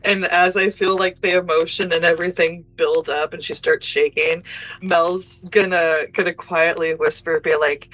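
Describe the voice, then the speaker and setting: A woman's voice: on the low side, fairly even intonation, moderate pace, fairly bright tone, poor audio. Playful woman player in a tabletop game. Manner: playful, joking. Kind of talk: casual tabletop play.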